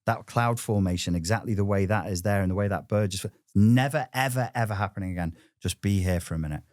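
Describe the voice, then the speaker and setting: A man's voice: low voice, fast, no room sound, studio quality. A man with a Liverpool Scouse accent, speaking as an interview guest in a reflective, blunt way and swearing casually. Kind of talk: casual conversation.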